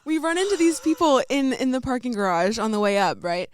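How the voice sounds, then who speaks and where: A woman's voice: high voice, very animated, brisk, slight background noise. A young adult woman chatting as a podcast guest, giggly and chatty with lots of fillers. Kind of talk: casual chat.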